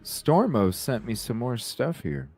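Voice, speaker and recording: A man's voice: medium pitch, very animated, a little slow, vocal fry, a little mellow. A man hosting a live podcast, chatting casually, laughing often and swearing as he rambles. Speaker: podcast host. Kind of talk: casual live-stream chat.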